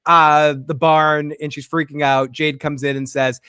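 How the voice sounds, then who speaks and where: Animated man recapping a TV episode. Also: fairly high pitch, a little slow, few pauses, clear, resonant tone, dry recording. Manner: animated, acts out characters' lines while recapping. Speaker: podcast host. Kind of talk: casual TV recap chat.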